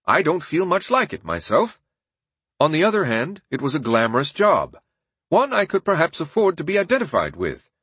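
A man's voice: fairly high pitch, wildly swooping pitch, normal speed, fairly bright tone, husky, dry recording, voice pushed up, full character voice. A narrator putting on an emphatic old-time statesman.

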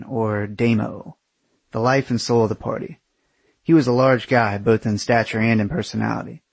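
A man's voice: medium pitch, no room sound. A man narrating a first-person story in a wry, sardonic manner. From United States. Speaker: memoir narrator.

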